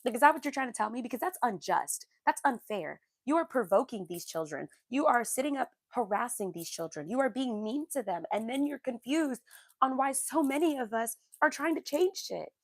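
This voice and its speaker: A woman's voice: a little high, lively intonation, normal speed, no room sound, studio quality. A young woman from the United States, hosting a livestream and ranting about society in a heated, emphatic way, repeating phrases to drive her points home. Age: young adult. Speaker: livestream host.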